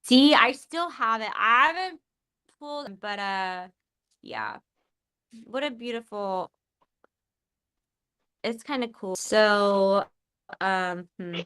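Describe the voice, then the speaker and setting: A woman's voice: mid-range voice, animated, slow pace, pauses often, fairly bright tone, smooth. A woman hosting a live podcast, chatting casually in a rambling, emotional, giggly way. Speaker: podcast host.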